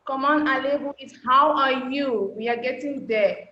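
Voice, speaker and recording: A woman leads an online class in a high, sharp-toned voice, slowing down patiently to model each phrase. Her call audio is dull and lo-fi, with a roomy echo and a faint hiss behind it. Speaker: language teacher. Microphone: video call.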